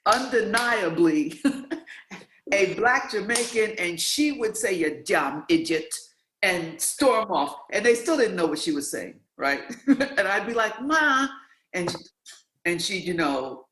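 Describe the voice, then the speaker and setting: An interview host from New York speaks with animated emphasis. Words are repeated for effect, and the voice sits in the middle of its range. The sound is roomy and echoey. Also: medium pitch, measured pace. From New York, USA. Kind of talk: interview, conversational.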